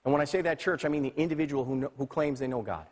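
A male pastor preaching a sermon, moving between quiet, low passages and loud, high-pitched emphatic bursts. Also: racing. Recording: long hall reverb.

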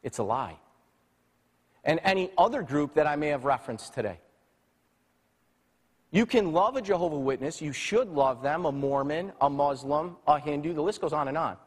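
A man preaching a sermon in a church sanctuary, his voice sitting a little high for a man. He drops into soft, low stretches, then climbs into loud, emphatic preaching. A long hall reverb trails his words. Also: animated, normal speed, long pauses. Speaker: pastor.

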